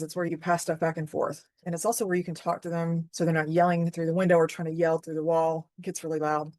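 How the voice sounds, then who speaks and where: Low-voiced woman telling earnest stories. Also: dry recording. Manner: earnest, conversational, candid. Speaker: host. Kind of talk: personal storytelling and spiritual teaching.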